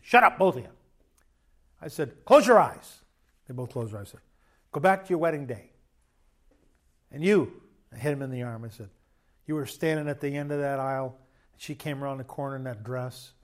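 A man preaching a sermon as pastor in a church, conversational and joking with emphatic bursts. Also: medium pitch.

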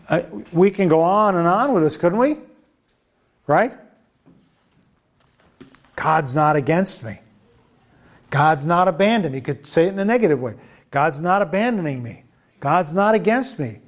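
A male preacher delivering a sermon in a somewhat high voice. He speaks with emphasis, repeats phrases again and again and keeps asking his listeners questions.

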